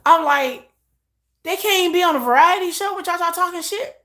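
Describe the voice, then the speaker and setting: A woman's voice: very high voice, brisk, fairly bright tone. A woman doing live reaction commentary, ranting with profanity and exasperated laughing asides. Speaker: reaction streamer.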